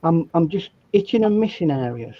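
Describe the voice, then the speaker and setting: A man's voice: fairly high pitch, expressive, fairly quick, no echo, dull audio. A man teaching a painting demonstration over a video call, instructive and stammering as he starts sentences. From England. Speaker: art instructor.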